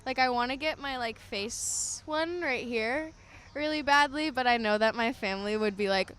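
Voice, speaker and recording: A woman's voice: fairly high pitch, normal speed, a bit bright, clear, resonant tone. Bubbly giggly woman. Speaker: musician. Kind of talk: casual festival Q&A.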